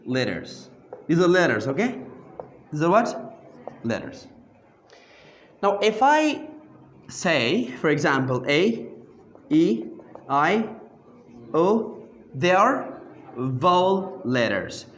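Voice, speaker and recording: High-voiced man teaching grammar, echoey. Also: sing-song, slow pace, long pauses, a bit bright. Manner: questioning, repeats phrases and asks the class to answer back. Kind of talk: classroom grammar lesson. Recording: echoey room.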